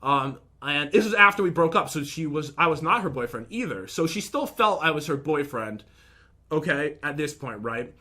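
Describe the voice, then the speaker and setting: Bright-voiced young man venting on camera. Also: fairly high pitch, expressive, moderate pace. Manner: aggrieved, rambling, reads out messages. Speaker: vlogger. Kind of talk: casual commentary to camera.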